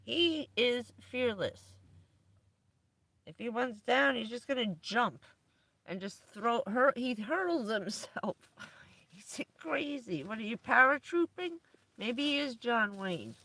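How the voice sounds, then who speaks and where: Gravelly, bright-voiced woman chatting. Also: fairly high pitch, animated, slow. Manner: chatty storytelling, laughs often. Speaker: livestream host. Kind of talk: casual chat to a live audience.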